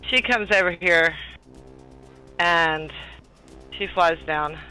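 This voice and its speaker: Bright-voiced man narrating game actions. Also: on the high side, slow pace, faint music behind, rough recording. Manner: rambling, filler-heavy narration. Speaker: player.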